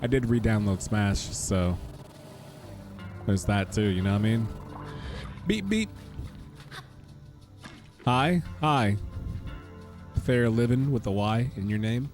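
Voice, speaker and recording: A man's voice: lowish voice, slow, pauses often, darkish tone. Joking male streamer over game music. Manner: joking, chatty, talks to chat by name. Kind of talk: casual live-stream commentary.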